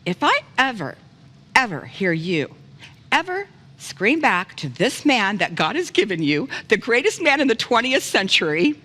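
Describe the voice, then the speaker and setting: A woman's voice: fairly high pitch, sing-song, a little slow, bright, forceful tone, pitched above the performer's own voice, full character voice. A woman putting on the voice of her big, stern father as he lectures his daughter, in an emphatic, scolding way, in a long-echo studio.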